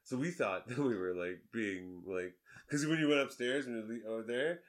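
A man's voice: medium pitch, normal speed. A young man in casual chat with friends, laughing often as he tells a story and acts out what people said. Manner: laughs often, lively storytelling with quoted voices.

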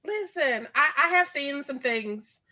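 A woman's voice: sits high, expressive, a little slow, pushed and bright. A woman co-hosting a podcast, playful and laughing a lot as she chats. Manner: playful, laughs often, dramatic retellings. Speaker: podcast co-host. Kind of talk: casual chat.

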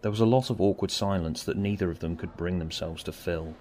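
A man reading his own story aloud, expressive, moving between bright and hushed. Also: low voice, fairly quick, slight background noise. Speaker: author and narrator. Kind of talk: storybook narration.

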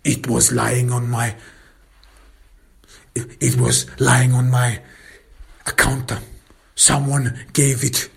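A man voicing a frightened middle-aged man who pleads and lies to get out of trouble, his voice gravelly and very husky. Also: mid-range voice, completely flat delivery, slow, pauses often, full character voice. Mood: lying. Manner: pleading, evasive.

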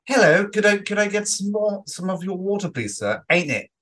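A man's voice: high voice, sing-song, measured pace, a bit bright, no echo, studio quality, pitched above the performer's own voice, full character voice. A man mimicking a posh young woman who fakes a Cockney accent, in a mock-polite, mincing way.

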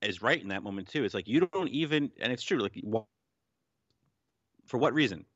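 A man's voice: mid-range voice, expressive, fairly quick, a bit bright, no room sound, lo-fi sound. A man co-hosting a casual chat, speaking emphatically. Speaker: podcast co-host.

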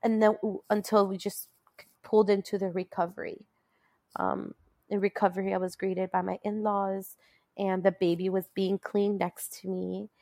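This guest has a mid-range voice at normal speed, recorded with no room sound. In a casual conversation she chats through a personal story, laughing often and rising into animated quoting.

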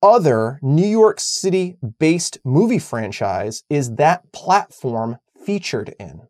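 Playful podcast co-host with a lively pitch. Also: slow. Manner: playful, reads out quiz questions. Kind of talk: casual chat.

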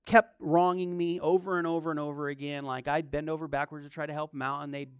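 A middle-aged man preaches with a slightly high, crisp and resonant voice. The sound is dry and close. He shifts between chatty, halting asides and emphatic, rising calls to the congregation. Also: level tone, no echo. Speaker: pastor. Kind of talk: sermon.

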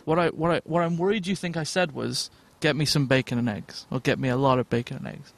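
A man playing a quiet, firm, deadpan American man who loves meat, in a casual podcast chat. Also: a little high, quick pace, vocal fry, no room sound, pitched below the performer's own voice.

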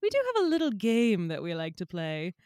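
A woman's voice: on the low side, very animated, brisk, a little mellow, clean tone, no room sound, studio quality. A woman co-hosting a podcast in casual banter who laughs often. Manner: giggly, frequent laughter. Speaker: podcast co-host.

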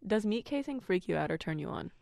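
A woman's voice: mid-range voice, sing-song, fast, creaky, a little mellow, no room sound, studio quality. A woman in casual snack-tasting chat, making wry, teasing quips.

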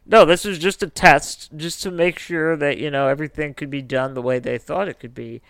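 A man co-hosting a podcast, with a smooth, resonant voice of middle pitch. He chats casually, jokes, swears freely and drifts off on tangents. The sound is dry and close. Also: fairly even intonation, normal speed, a bit bright, no echo. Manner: joking, swearing, loose tangents. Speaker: podcast co-host. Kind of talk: casual chat.

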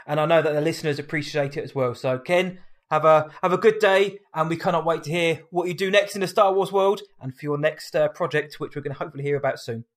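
A man co-hosting a podcast, talking casually and with enthusiasm. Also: fairly high pitch. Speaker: podcast co-host.

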